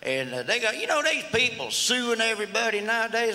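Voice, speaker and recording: A man's voice: high-pitched, lively intonation, a little fast, hardly any pauses, sharp tone. A man with a Southern US accent performing a stand-up comedy set in a folksy redneck drawl, often asking the crowd questions. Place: live comedy festival stage. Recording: reverberant live hall with noise.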